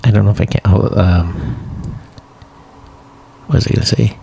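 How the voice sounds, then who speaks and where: Man, low pitch, gravelly fry, rambling, profane, comedy podcast co-host. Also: fairly even intonation, normal speed, warm tone, a little hiss or hum. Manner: rambling, profane, full of restarts. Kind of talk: casual podcast chat.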